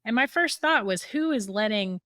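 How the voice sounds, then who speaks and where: A woman's voice: medium pitch, normal speed, no room sound, clean studio sound. Woman telling a story, laughing along. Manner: lively, laughs through her story. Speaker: guest. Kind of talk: storytelling in a podcast interview.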